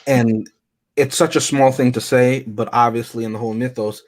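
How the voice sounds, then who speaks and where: A man's voice: medium pitch, steady tone, moderate pace, darkish tone. A man co-hosting a casual film review chat, talking in a reflective, rambling way. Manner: reflective, rambling, reads quotes aloud.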